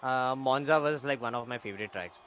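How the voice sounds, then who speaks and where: A man adds color commentary to an online race, talking casually and filling pauses with plenty of ums. His pitch is middling. Music plays clearly in the background. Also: a bit bright. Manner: chatty, hesitant with many fillers. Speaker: co-commentator and racer.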